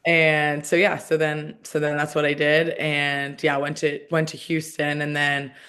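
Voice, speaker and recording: A woman's voice: low voice, completely flat delivery, a little slow, a bit bright, smooth. A woman in her thirties in a casual interview, talking in a chatty way with lots of "like" and restarts. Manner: chatty, heavy use of "like", frequent restarts. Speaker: guest, professional soccer player.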